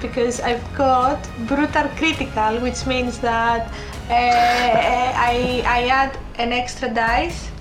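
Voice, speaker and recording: Woman tabletop player, high-pitched and slow, giggly, echoey room. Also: little pitch movement, over music. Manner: giggly, thinks aloud while counting. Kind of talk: playing a tabletop game.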